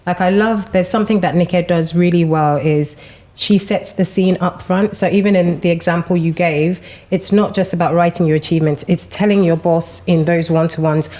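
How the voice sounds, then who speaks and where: A woman co-hosting a podcast, backing up the others in an emphatic, affirming way. Her voice is very low and mellow for a woman. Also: steady tone, normal speed. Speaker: podcast co-host. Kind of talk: casual podcast discussion.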